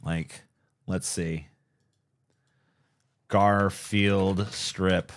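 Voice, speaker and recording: Guy chatting on a late night stream, kinda low voice, rambly and swears a lot, puts himself down. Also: steady tone, very slow. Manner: rambling, profane, self-deprecating. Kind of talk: casual late-night livestream chat.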